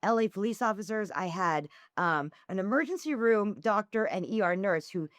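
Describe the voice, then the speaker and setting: With a medium-pitched voice at a moderate pace, a woman who formerly hosted swingers events tells stories as a podcast guest, animatedly voicing the dialogue in a casual chat. The sound is clean studio quality with no room sound.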